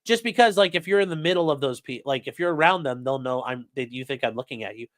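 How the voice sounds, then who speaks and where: A man's voice: mid-range voice, animated, quick pace, no echo, studio quality. A young man, a streamer and trial lawyer, chatting casually on a live stream, rambling, swearing and reading chat aloud.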